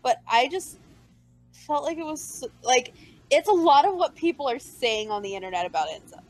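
A woman's voice: high voice, animated, normal speed, darkish tone, poor audio. A woman co-hosting a casual wrestling podcast, chatty and talking straight to her viewers. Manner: chatty, addresses viewers as guys, many fillers. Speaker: podcast co-host.

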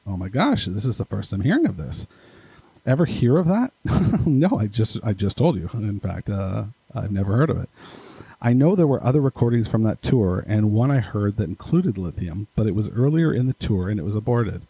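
A man's voice: fairly low pitch, very animated, normal speed, mellow, husky, dry recording, poor audio. A man hosting a casual podcast, reading listener emails aloud with rambling, self-deprecating asides. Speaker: podcast host.

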